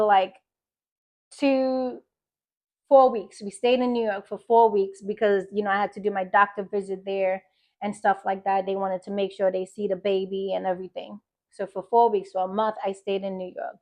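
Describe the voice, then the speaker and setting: An American woman in her thirties tells a personal testimony of faith. She speaks in a mid-pitched voice, emphatic and animated, and acts out the words of the people in her story. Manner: expressive, emphatic, animated quoting of others. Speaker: faith podcast host.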